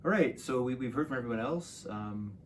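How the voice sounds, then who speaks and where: A man hosting a casual cooking chat, halting and repeating words while he thinks. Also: mid-range voice, lively intonation, a little hiss or hum. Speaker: cooking show host.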